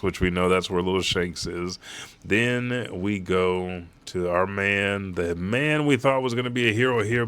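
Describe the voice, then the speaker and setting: Low-voiced man, profane live read. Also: clear, resonant tone. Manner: excitable, profane, fan-style commentary. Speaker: host reading a manga chapter live. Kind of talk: casual live read with commentary.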